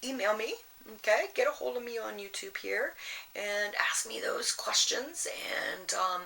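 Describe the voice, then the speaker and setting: A woman's voice: on the high side, unhurried, gravelly, pushed and bright, low-quality recording. A woman giving a casual astrology and tarot reading, rambling with lots of "you know" and restarts in a motherly, advice-giving way. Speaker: tarot reader.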